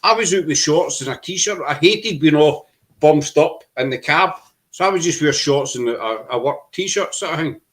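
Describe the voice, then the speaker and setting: A man's voice: fairly high pitch, moderate pace, low-quality recording. A middle-aged man with a Glaswegian Scottish accent, hosting a casual chat and telling rambling stories full of restarts and local slang. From Scotland. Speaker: podcast host.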